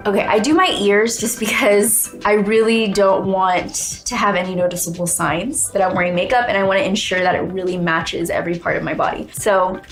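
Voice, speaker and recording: A woman with a mid-range voice explains makeup steps in a calm, instructional way. Faint music plays under her voice. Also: medium pitch, brisk, few pauses. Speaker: makeup tutorial presenter. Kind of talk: instructional how-to.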